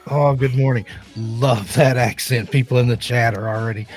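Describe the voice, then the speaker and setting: A man's voice: mid-range voice, moderate pace, faint music behind. Laid-back man hosting a live show. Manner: relaxed, greets viewers one by one. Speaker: host. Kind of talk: casual live-stream chat.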